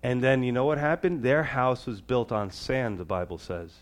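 A man preaching a sermon as pastor, shifting between loud, high emphasis and quiet, low asides. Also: moderate pace.

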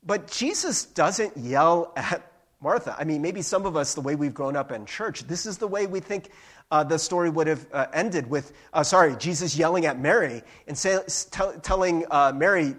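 A man preaching a sermon in an animated, playful way. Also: fairly high pitch, moderate pace. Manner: animated and playful, with laughs and sung bits. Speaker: pastor.

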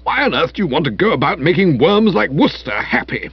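A man reading aloud and voicing a domineering, blustering man with a husky, emotional voice, on a dry, slightly muffled recording. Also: on the high side, very animated, fast, voice pushed up, exaggerated voice.

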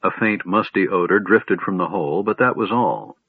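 Male audiobook narrator, husky, measured storytelling, phone-thin dry sound. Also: low-pitched, no room sound, narrow, tinny audio. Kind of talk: scripted fantasy narration.

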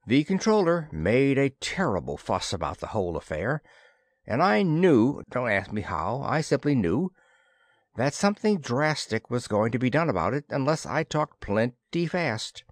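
A man reading a first-person science fiction story with expressive, dramatic narration. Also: mid-range voice, moderate pace, no echo, clean studio sound. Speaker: audiobook narrator.

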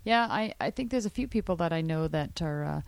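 A woman's voice: sits low, lively intonation, brisk, gravelly, low-quality recording. A woman hosting a podcast in casual, chatty talk from a small home office studio. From Canada. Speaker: podcast host.

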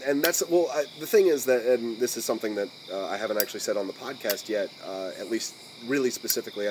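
An American man hosting a podcast, chatting casually in a General American accent at a mid pitch. He rambles through thoughts with lots of "like" and restarts, and he gets animated and squeaky when something amuses him. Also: background noise. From United States. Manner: rambling, many restarts and "like" fillers. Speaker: podcast host. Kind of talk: casual chat.

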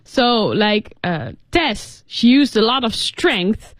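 A woman's voice: fairly high pitch, very animated, slow, no echo. A woman co-hosting a radio English lesson, explaining phrases casually with many fillers and acting out example lines. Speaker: native-English co-host.

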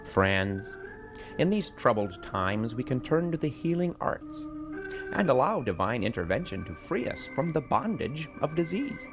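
A man playing a smarmy male radio faith healer, preaching in a slow, soothing manner in a comedy radio sketch. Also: mid-range voice, very animated, over music.

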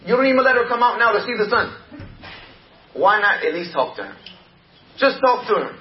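A man's voice: sits high, sing-song, fairly quick, reverberant, highs cut off. A man voicing a scheming male devil who whispers temptations in a coaxing, persuasive way.

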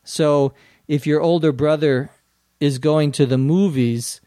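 A man's voice: a little high, steady tone, slow pace, dark tone, dry recording, studio quality. A man with a Minnesota accent hosting an English lesson podcast, patiently explaining words and spelling them out. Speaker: English teacher and podcast host.

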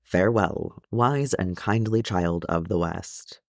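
A man voicing a grave, regretful male dwarf king who speaks slowly and in a hush. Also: low-pitched, gravelly, no echo, clean studio sound, full character voice. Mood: solemn. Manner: slow, hushed, solemn.

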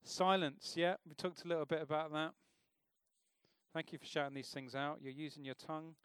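A man's voice: a little high, level tone, moderate pace, clear, resonant tone, no echo, studio quality. A man preaching an informal sermon in a church, talking conversationally and asking the congregation questions.

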